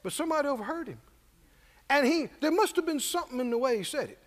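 A man's voice: extremely high pitch, animated, fast. A man preacher delivering a sermon with call-and-response and humorous, folksy storytelling. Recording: reverberant church hall.

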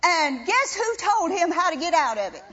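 A woman's voice: extremely high pitch, sing-song, moderate pace, sharp tone. A woman preaching a sermon with impassioned, emphatic repetition. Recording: dull sound with long reverb in a hall.

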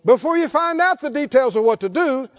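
A male pastor delivers a sermon in a very high, lively voice. He preaches slowly and emphatically, building to fervent calls. The recording sounds dull and lo-fi.

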